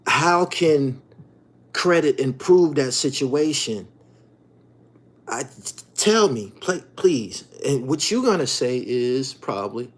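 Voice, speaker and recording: A man hosts his own channel in a loose, profane monologue full of street slang. His voice is very animated, with pitch leaping high and low as he swings between low mutters and loud emphatic outbursts. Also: unhurried. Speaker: channel host.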